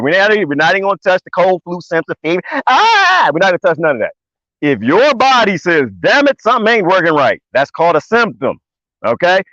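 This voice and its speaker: A man's voice: no room sound, lo-fi sound. A middle-aged man, ranting casually to viewers from outdoors in the desert, rambling and folksy. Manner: animated, rambling, folksy, swings to high excited pitch. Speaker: vlogger.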